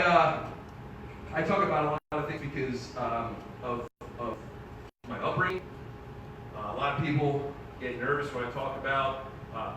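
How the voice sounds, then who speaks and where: A man doing a stand-up set live on a theater stage, brash and profane, shouting his punchlines. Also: mid-range voice, very echoey, recorded from a distance, noisy background. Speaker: stand-up comedian.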